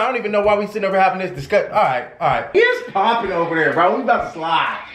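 Male comic for a phone-call sketch, animated and joking, in a roomy space. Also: high voice, quick pace. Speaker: comedy skit creator. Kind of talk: comedic phone call skit.

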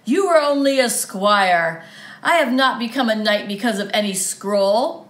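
A woman doing a proud knight from a storybook who talks down to his squire, dismissive and commanding. the lines come slowly, and the room echoes. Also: on the high side, expressive, a bit bright, heavily acted. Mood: angry. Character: proud, gruff adult male knight.

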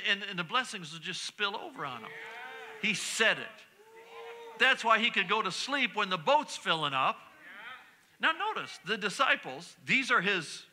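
A middle-aged male pastor preaching a sermon in a church, repeating refrains and breaking into sudden shouts. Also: high-pitched, slight background noise. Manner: preaching with call-and-response repetition and sudden shouts. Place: church sanctuary.

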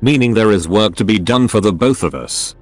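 A man's voice: lowish voice, animated, fairly quick. A synthetic male voice voicing a scheming ancient robot sorcerer who speaks formally and with menace, over faint music. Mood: cold. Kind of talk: synthetic storybook narration.

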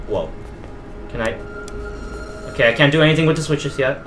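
A man's voice: mid-range voice, brisk, pauses often, music in the background. A young man streaming a horror game. He reads the in-game diary notes aloud, mutters to himself, and swears and yelps at the scares. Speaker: gameplay streamer.

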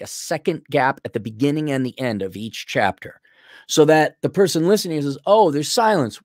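A man's voice: on the high side, no echo, studio quality. A middle-aged man ranting bluntly and sarcastically in a vlog monologue. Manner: blunt, sarcastic, animated, mocks others in put-on voices. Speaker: vlogger.

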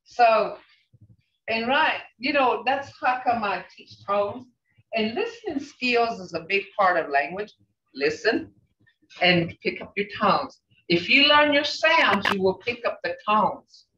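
Older woman, language teacher, slow repetitive delivery, bright forceful voice, distant dull roomy recording. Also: mid-range voice, expressive. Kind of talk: language lesson.

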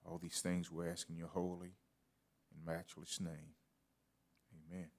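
A man leading a slow, earnest spoken prayer during a church service. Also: deep voice, level tone, a little hiss or hum.

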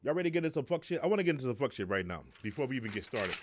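A man's voice: mid-range voice, very animated, rapid-fire. A middle-aged man hosting a live stream, talking loosely and profanely, joking and reading chat messages aloud. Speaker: live show host. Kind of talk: casual live-stream talk.

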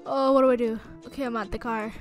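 A woman gamer and channel host giving excitable roleplay commentary, often panicking and repeating herself. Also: fairly high pitch, fast talker, music in the background. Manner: panicky, exclaiming, repeats phrases.

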